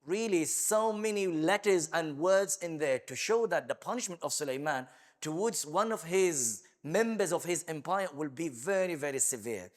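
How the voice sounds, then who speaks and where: A man gives a tafsir lesson in a mosque, explaining step by step, reciting verses quickly and repeating words as he searches for phrasing. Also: on the high side, expressive. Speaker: Quran teacher.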